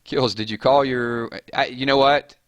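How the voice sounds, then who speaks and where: A man's voice: medium pitch, steady tone, fairly bright tone, no room sound, dull audio. A man hosting a casual live stream, rattling off chat names and thanking viewers. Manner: rapid-fire, chatty, reading names off chat.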